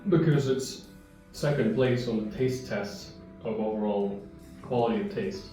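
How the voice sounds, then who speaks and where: A man's voice: on the low side, measured pace. A man reviewing chocolate in a casual, rambling chat, sometimes talking while he chews. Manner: chatty, rambling, talks while chewing. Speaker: vlogger tasting chocolate. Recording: very echoey room, mic far off, guitar music behind. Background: soft guitar music.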